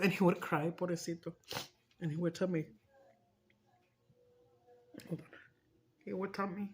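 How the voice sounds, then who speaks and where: Chatty woman with a lowish voice. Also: fairly even intonation, normal speed, long pauses, darkish tone, breathy edge. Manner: chatty, emotional, mixes in Spanish and swears. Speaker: mukbang vlogger. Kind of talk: casual storytelling chat.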